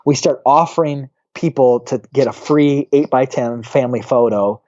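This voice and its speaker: A pastor in his thirties tells a story with quick swings in voice, jumping up high when he acts out the people in it. His tone is mellow and a little dark. The audio is dull and lo-fi, like a basic podcast setup. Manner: animated storyteller who acts out quoted voices.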